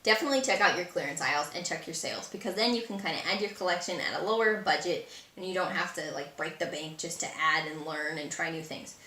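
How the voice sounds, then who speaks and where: A tired, slightly hoarse woman chatting casually through a makeup review, rambling and poking fun at herself. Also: low-pitched, fast, pushed and bright, reverberant, far from the mic. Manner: chatty, self-deprecating, rambling. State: tired, hoarse late at night. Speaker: beauty vlogger. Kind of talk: casual product review chat.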